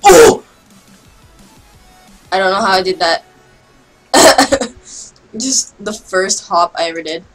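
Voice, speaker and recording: A woman hosts her own gaming channel, talking through play in a casual, unhurried way. She is excitable and self-mocking, breaking into quick outbursts, at a middle pitch for a woman. Faint music runs underneath. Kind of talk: casual gameplay commentary.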